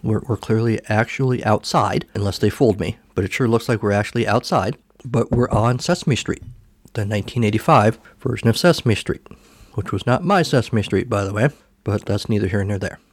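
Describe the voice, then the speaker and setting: A man's voice: on the low side, a little fast, dry recording. A man hosting a podcast, recapping a film casually in a rambling, self-correcting way. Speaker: podcast host.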